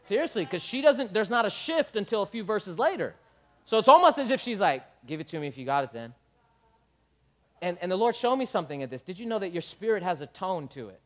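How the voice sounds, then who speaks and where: Man, pastor, high voice, animated sermon, acts out dialogue, shouts at peaks. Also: quick pace. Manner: animated preaching with acted-out dialogue; builds to shouting at climaxes.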